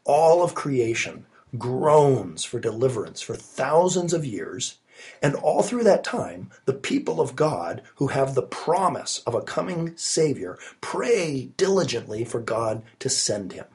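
A man's voice: medium pitch, very animated, unhurried, darkish tone, breathy edge. A man preaching a sermon, recorded alone in his study while he has a cold, earnest and emphatic with rising stresses. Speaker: pastor.

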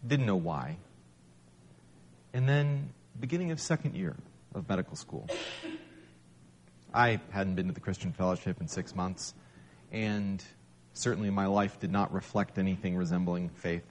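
A man's voice: deep voice, moderate pace, pauses often, a little mellow, slight background noise. A man giving a storytelling talk in front of an audience, sharing a personal testimony in a conversational, wry, self-deprecating way.

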